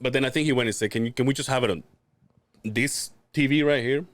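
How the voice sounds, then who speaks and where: A man's voice: medium pitch, quick pace. A man co-hosting a podcast, telling rambling stories in casual chat, swearing freely and laughing often. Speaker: podcast co-host.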